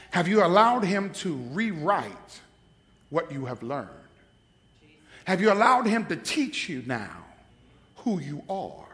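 A man preaching a sermon as pastor, dramatic, swinging from hushed asides to shouts. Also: a little high, in a large hall.

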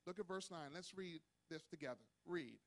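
A male pastor preaching a sermon in a church, dramatic, moving between quiet asides and shouted emphasis, reading scripture slowly and calling for responses from the congregation. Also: fairly high pitch, expressive. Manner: calls for audience responses. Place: church sanctuary.

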